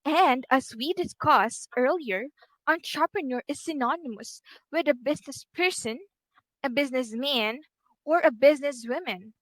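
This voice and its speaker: A woman teaching a one-on-one online English lesson, patient and encouraging, repeating words slowly for her student and talking through what she does on screen with small fillers. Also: high-pitched, no echo.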